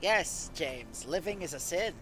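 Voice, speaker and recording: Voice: medium pitch, lively intonation, a little slow, crowd noise. A streamer chatting casually and jokingly while playing a game. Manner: playful, jokey, laughs a lot. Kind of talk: casual live-stream chat over a game.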